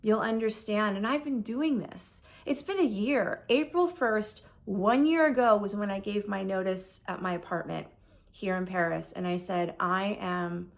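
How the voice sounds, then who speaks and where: A woman in her forties who lives in Paris records a reflective video journal, speaking earnestly in a creaky, mid-range voice. She goes a little slow, often trailing off and restarting her thoughts.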